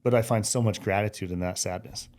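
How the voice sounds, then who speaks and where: A middle-aged man with a low-pitched voice gives a heartfelt interview. His tone is warm and mellow. He talks earnestly, slightly teary, and often stops and restarts his sentences. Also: steady tone, fast talker. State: teary-eyed. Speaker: podcast guest. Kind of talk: emotional interview.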